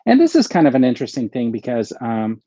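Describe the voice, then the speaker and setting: A man hosting a live stream, talking casually and rambling as he thinks aloud and answers chat. His voice is mellow and relaxed. The audio is dry and a little dull, like lo-fi stream sound. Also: mid-range voice, quick pace, no room sound. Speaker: host of a live stream about his action figure collection.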